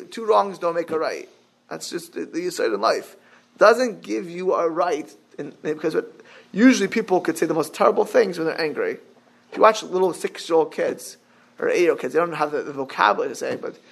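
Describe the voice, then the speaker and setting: A man's voice: high voice, gravelly. A man giving a religious lecture as a Torah teacher, talking animatedly with many restarts and Hebrew terms, and breaking into sudden exclamations.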